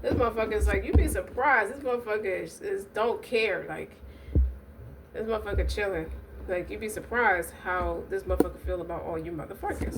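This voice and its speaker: A woman's voice: medium pitch, distant mic. A woman giving a casual tarot reading, blunt and profane, rambling with asides and restarts. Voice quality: blunt, profane, streetwise talk. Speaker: tarot reader. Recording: noisy recording, voice set back from mic.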